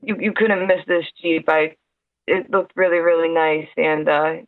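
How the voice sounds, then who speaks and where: A woman's voice: low voice, steady tone, a little slow, dry recording. New York woman on a tinny call. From Hudson Valley, New York. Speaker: interview guest. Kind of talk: casual interview on a call. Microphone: video call. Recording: tinny internet call audio.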